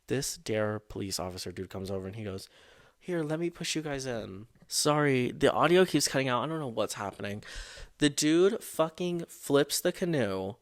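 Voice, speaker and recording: A young man hosting his own podcast, retelling a childhood story in a casual, profane and exasperated way. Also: medium pitch. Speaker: podcast host.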